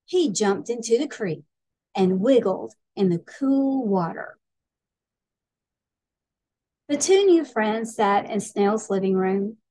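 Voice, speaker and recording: A woman librarian narrating a children's picture book aloud in a clear storytelling manner. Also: medium pitch, animated, slow pace, pauses often, dark tone, no echo.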